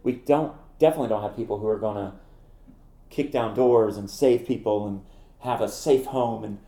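A middle-aged man, a ministry founder and former campus minister, telling stories in an interview in an animated way, laughing at himself. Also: on the low side, moderate pace, reverberant. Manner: animated, acts out quoted voices, laughs at himself. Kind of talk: conversational interview storytelling.

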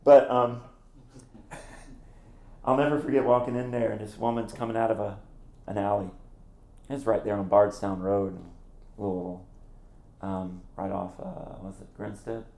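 Low, mellow man telling stories. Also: measured pace, vocal fry, pauses often, reverberant. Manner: animated, acts out quoted voices, laughs at himself. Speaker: ministry founder and former campus minister. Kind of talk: conversational interview storytelling.

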